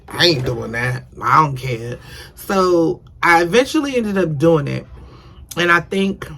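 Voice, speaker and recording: A young woman tells a story to her viewers in a loose, rambling way, circling back and repeating herself. Her voice has a gravelly fry running through it and a bright, forceful ring. She sounds open and earnest, like someone who wears her feelings on her sleeve. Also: deep voice, slight background noise. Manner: emotional and earnest. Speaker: vlogger. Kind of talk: casual storytime.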